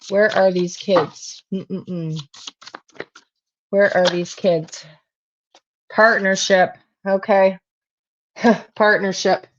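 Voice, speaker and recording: A woman's voice: medium pitch, lo-fi sound. A woman hosting a true crime channel, talking to herself while she pulls tarot cards and repeats her questions to spirit.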